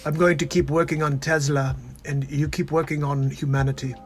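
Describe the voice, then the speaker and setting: A man doing a comedic impression of a male tech entrepreneur with a stiff, halting delivery. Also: on the high side, flat delivery, soft background music, voice pushed up, lightly acted.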